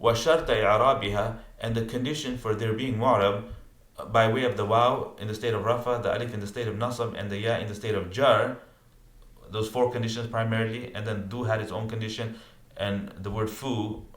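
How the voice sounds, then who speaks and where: Male teacher, lower voice, explaining a grammar text line by line, roomy echo. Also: steady tone, fairly quick, a bit bright. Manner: reads Arabic text then translates and explains with asides.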